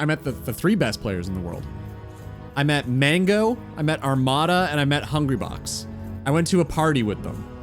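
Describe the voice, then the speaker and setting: A man chatting casually on a gaming stream, rambling and swearing offhandedly. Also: medium pitch.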